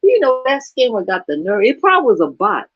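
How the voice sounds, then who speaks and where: Woman, blunt sassy rant, swings her pitch a lot, dry slightly dull sound. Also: huge pitch swings, fairly quick, no room sound. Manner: blunt, sassy, profane, laughs often. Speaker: channel host. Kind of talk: casual vlog rant.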